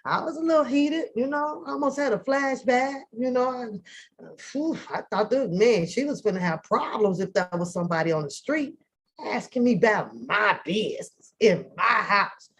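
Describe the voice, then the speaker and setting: Brief: middle-aged woman host, brash storyteller, fairly high voice. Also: normal speed, husky. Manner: loud, animated, profane, laughing storyteller. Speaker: host of a live panel talk show. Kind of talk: casual live-stream storytelling.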